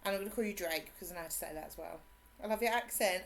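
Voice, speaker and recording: An English woman whose accent blends Suffolk, Cockney and a Brummie twang. She chats in a bubbly way with her viewers while streaming a game. She greets people warmly by name and laughs often. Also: on the low side, rapid-fire, vocal fry. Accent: English, mixed Suffolk, Cockney and Brummie. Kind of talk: casual live-stream chat.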